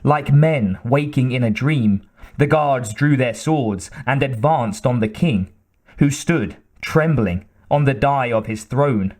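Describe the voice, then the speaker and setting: Male narrator, mid pitch, very slow measured audiobook reading. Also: a little mellow. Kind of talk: scripted narration.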